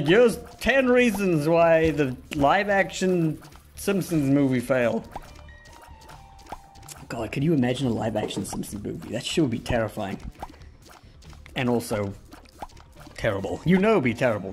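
A young man giving rambling, sarcastic commentary while playing a game, often trailing off and restarting his sentences. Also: on the high side. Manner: wandering, sarcastic, self-interrupting. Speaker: gaming YouTuber. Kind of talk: rambling commentary over gameplay.

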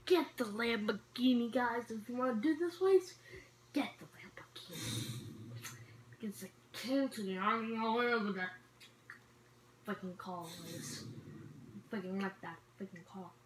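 A woman's voice: fairly high pitch, a little slow, a little hiss or hum. A woman hosting a casual let's-play, rambling and frustrated, stopping and restarting her thoughts as she talks over the game. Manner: frustrated, rambling, self-interrupting. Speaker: gaming channel host. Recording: roomy echo with loud game music.

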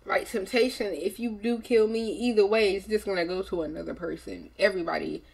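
A young woman hosting a music reaction video, talking casually in a rambling, animated way with lots of "like" and restarts. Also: mid-range voice, fairly quick, gravelly, breathy edge.

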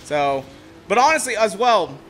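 A young man from Ohio giving casual, rambling commentary while streaming a racing game, getting excitable when telling stories. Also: sits high, unhurried, slight background noise. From Ohio, USA. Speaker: gameplay streamer.

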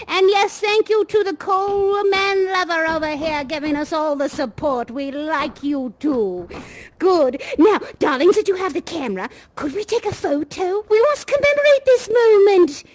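Burniece, a doting union leader. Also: female voice, very high-pitched, animated, unhurried, rough recording. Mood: exuberant. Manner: theatrical, motherly, fond of pet names; solemn, ceremonial oath-giving. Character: doting, eccentric female leader of a sweepers' union. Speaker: live actor in a virtual reality theater game.

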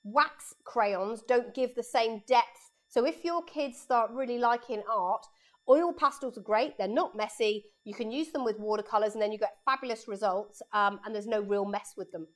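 In a fairly high-pitched voice at a moderate pace, a woman runs a live children's painting class from her studio. She describes every step as she draws, chatting into a lapel microphone.

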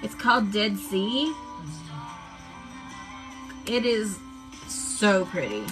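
A woman chatting casually on a live stream, showing off her craft supplies in a drawn-out, enthusiastic way. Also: medium pitch, sing-song, over music, low-quality recording.

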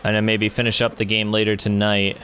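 A young man giving let's play commentary on a horror game, excitable and swearing, yelling in panic when chased. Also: fairly low pitch, brisk, slight background noise. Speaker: gamer.

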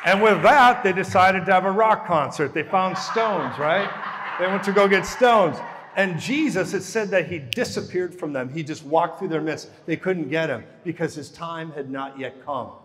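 A man preaching a sermon in an animated storytelling manner, swinging between hushed asides and loud acted-out lines. His voice sits a little high for a man, and the sound rings in a long hall reverb. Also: moderate pace, slight background noise. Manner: animated storytelling, acts out dialogue with shifts in loudness.

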